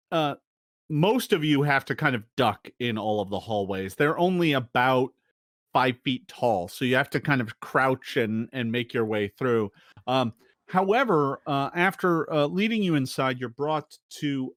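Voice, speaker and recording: Man, game master, narrating a tabletop game, halting, many fillers, dry close mic. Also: medium pitch, a bit bright, no room sound. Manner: halting, many ums and repeated words.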